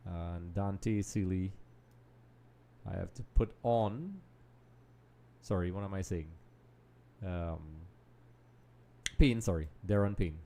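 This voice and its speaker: A man hosting a live football watch-along, chatting straight to viewers and often dropping into quiet mutters while he multitasks. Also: deep voice, slow, long pauses. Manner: distracted, multitasking while commenting; trails off into quiet mutters and restarts. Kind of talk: casual live match commentary.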